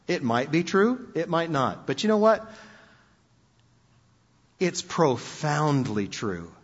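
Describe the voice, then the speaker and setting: A male preacher tells his story in an animated, chatty way. His husky voice sits high and swings widely. The sound is dull and lo-fi, with a long hall reverb behind it. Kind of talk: sermon.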